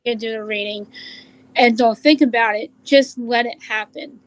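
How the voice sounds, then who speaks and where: A woman's voice: fairly high pitch, fairly even intonation, normal speed, dry recording, low-quality recording. A woman who works as a psychic medium, talking earnestly in an interview and explaining at length with restarts. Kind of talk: casual interview talk.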